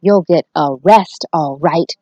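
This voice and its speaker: A woman voicing a gleeful male museum director in a storybook, drawing out a slow mocking gloat. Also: low-pitched, mellow, dry recording, lo-fi sound.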